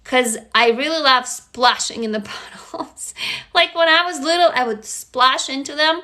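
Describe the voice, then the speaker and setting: A woman's voice: sits high, measured pace, sharp tone. A woman from Russia with a Russian accent, native in Russian, chatting casually on a phone livestream, greeting viewers and swearing lightly. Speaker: livestream host. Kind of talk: casual live-stream chat.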